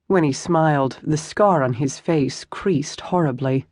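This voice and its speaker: Steady audiobook narrator, dry close sound. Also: medium pitch, normal speed, husky, no room sound. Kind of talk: scripted narration.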